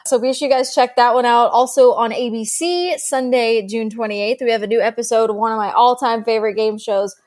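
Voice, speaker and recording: A woman co-hosting a podcast, cheerful and quick to laugh. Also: on the high side, steady tone, a little mellow. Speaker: podcast co-host. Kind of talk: casual chat.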